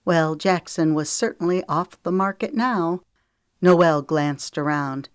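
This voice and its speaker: Low-voiced woman reading a novel. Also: unhurried, clean tone, no room sound, studio quality. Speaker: audiobook narrator. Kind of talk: scripted narration.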